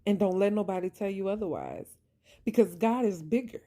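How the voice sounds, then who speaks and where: Speaking a little fast in a mellow, medium-pitched, animated voice, this vlogger shares her own story of faith and surviving abuse. Her delivery is preacher-like, full of repetition for emphasis and "y'all" aimed at her audience. The monologue is heartfelt and faith-based, and her strained voice sounds close to breaking into tears.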